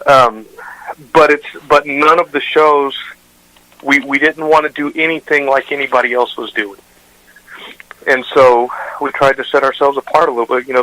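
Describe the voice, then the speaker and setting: A man's voice: mid-range voice, bright, forceful tone, low-quality recording. A man who hosts a radio show, telling stories in a casual interview with rambling restarts and fillers. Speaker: radio show host, guest.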